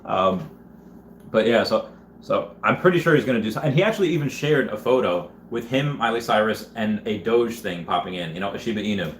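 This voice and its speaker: Low-voiced man chatting on a livestream. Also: animated, brisk. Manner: rambling, chatty, frequent restarts and laughs. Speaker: livestream host reading viewer chats. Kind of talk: casual livestream chat. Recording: echoey room with faint background noise.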